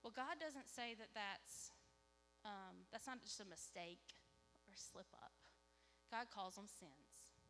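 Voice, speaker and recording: A woman, giving an animated church testimony and acting out dialogue. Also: mid-range voice, slow pace, soft background music. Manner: animated storytelling, acts out dialogue. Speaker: lay speaker giving a testimony. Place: church sanctuary. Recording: live church hall with reverb, faint hum.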